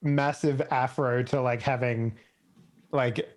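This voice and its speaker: A man's voice: mid-range voice, steady tone, slow. A young man playing in a tabletop game, chatting casually and wandering off on joking tangents. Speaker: player.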